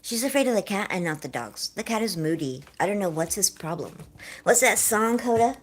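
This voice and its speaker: Chatty American woman, slightly low voice. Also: animated, brisk. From California, USA. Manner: chatty and effusive, talking straight to viewers. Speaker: livestream host. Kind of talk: casual live-stream chat. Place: at home.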